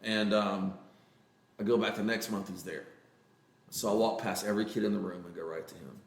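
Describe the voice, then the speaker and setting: Gravelly, low-voiced Texan man telling a story. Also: fairly even intonation, roomy sound. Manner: earnest, halting storyteller with many fillers. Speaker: interview guest. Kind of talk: casual storytelling interview.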